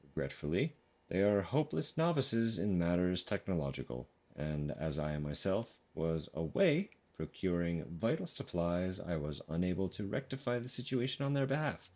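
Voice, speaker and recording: A man reading as a pompous, flowery gentleman. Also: sits low, sing-song, normal speed. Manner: pompous, ornate formal phrasing. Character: pompous, flowery male gentleman, overly formal.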